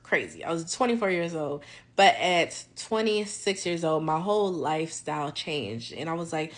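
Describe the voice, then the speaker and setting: A young woman vlogging a casual faith testimony, animated and acting out her conversations with God. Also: low-pitched, moderate pace.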